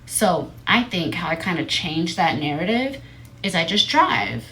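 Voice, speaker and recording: A woman livestreaming, telling a story to her viewers in a blunt, profane, animated way, often into a phone mic. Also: fairly low pitch, a little slow. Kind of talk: casual storytelling to a live audience.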